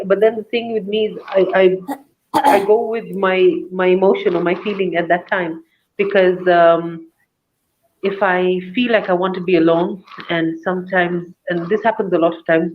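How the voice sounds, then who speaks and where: A woman's voice: mid-range voice, slight background noise. A woman, a guest on a live online panel, speaking hesitantly with restarts. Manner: hesitant, restarts, light laughs. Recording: tinny phone-like line.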